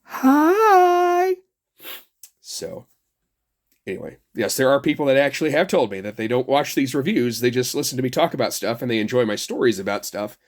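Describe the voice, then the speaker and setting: A man's voice: medium pitch, fast, few pauses. A middle-aged man hosting a toy review, talking in a rambling, sarcastic and heavily profane way. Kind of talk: casual ranting review.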